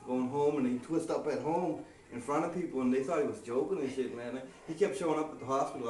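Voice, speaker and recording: A man's voice: on the high side, darkish tone. A man telling a personal story in a casual, rambling way, swearing often and dropping "man" into nearly every line. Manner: profane, rambling, fills lines with "man". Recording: echoey room, distant from the mic, faint hiss.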